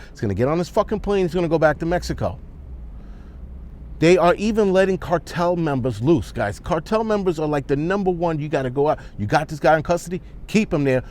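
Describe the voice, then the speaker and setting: A man's voice: medium pitch, a little mellow. A man ranting as a vlogger, blunt and heated, swearing often. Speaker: prepper vlogger. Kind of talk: angry opinion rant.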